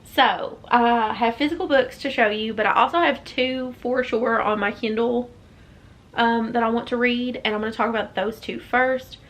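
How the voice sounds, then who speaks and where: A woman's voice: fairly high pitch, fairly even intonation, moderate pace, fairly bright tone. A young woman with a Southern US accent chatting casually as a book vlogger, rambling with many fillers and restarts. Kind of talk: casual chat.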